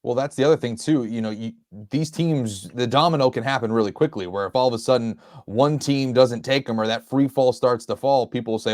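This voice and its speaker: A man's voice: mid-range voice, fairly quick, few pauses, a little mellow, dry recording, studio quality. A man on a sports podcast panel, talking steadily through long analytical scenarios. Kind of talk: casual sports chat.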